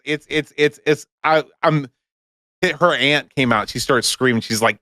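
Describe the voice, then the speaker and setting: A man's voice: mid-range voice, normal speed, pushed and bright, clean tone, no echo, studio quality. A man co-hosting a casual podcast, telling stories with self-mocking jokes. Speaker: podcast co-host. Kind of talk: casual chat.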